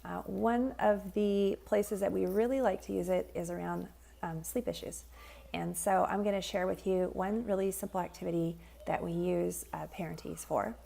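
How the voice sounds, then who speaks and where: A woman parent coach calmly explaining a tip in an unscripted way, with frequent fillers. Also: fairly low pitch, normal speed, gravelly. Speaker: parent coach and child sleep expert. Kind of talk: informal educational video tip.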